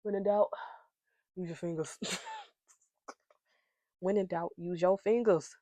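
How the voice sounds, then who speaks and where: A woman's voice: on the low side, fairly even intonation, slow pace, mellow, dry recording. A young woman hosting her podcast, chatting casually and playfully to herself while doing her makeup. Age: young adult. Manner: playful, giggly, talks to herself. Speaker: podcast host.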